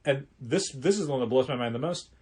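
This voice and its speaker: A man's voice: medium pitch, expressive, fast talker, a little mellow, breathy edge. A man in casual chat on a comic shop podcast, with a mid-range voice. He rambles along, circling back and restarting his sentences.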